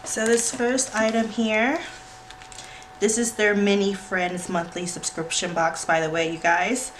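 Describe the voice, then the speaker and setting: A woman hosting a planner unboxing vlog, gushing and squealing with excitement. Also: mid-range voice. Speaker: planner channel host. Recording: noisy home recording with clicks.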